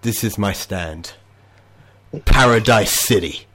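A man game master voicing a calm, possessive male crime boss in a hushed, measured tone. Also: lowish voice, a crowd in the background. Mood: quietly menacing. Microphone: online call.

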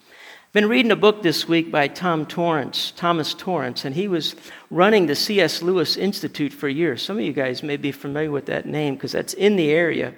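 In a reverberant church sanctuary, a male pastor tells stories through a conversational sermon, stumbling and repeating himself often. His gravelly voice is a little high, at a moderate pace.

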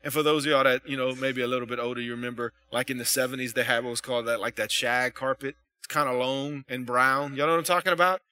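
Bright-voiced preaching man, chatty. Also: mid-range voice, steady tone, fast talker, few pauses. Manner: conversational preaching with frequent "you know" and "right?". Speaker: pastor. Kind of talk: sermon.

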